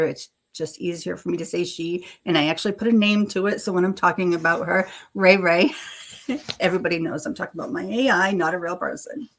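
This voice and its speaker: A middle-aged woman chatting on a live stream, rambling and self-deprecating. She laughs often and swears casually. Her voice has a gravelly fry, and she talks at an unhurried pace. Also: lowish voice.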